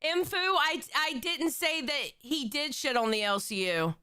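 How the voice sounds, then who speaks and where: A woman hosting a live stream, chatting casually in an animated way, swearing often and breaking into loud outbursts. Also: high voice, unhurried, dry recording, clean studio sound. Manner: animated, swearing, bursts into shouting. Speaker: livestream host. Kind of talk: casual livestream chat.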